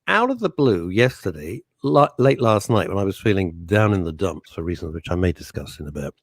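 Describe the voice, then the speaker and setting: A man's voice: deep voice, a little fast. A man co-hosting a radio show, joking and teasing his partner in casual banter. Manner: animated, jokey, teasing, swears mildly. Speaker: radio co-host. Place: radio studio. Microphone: studio microphone.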